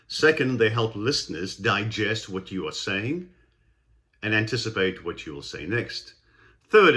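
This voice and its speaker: A man's voice: on the low side, fairly bright tone. A man instructor giving a recorded lecture, explaining step by step with occasional fillers and self-corrections.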